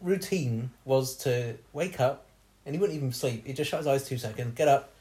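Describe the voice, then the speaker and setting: A man on a podcast spins a long personal tale in loose, casual chat. He laughs often as he talks, and his voice sits at an ordinary middle pitch. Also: moderate pace, dark tone. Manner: laughs often while telling stories. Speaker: podcast host.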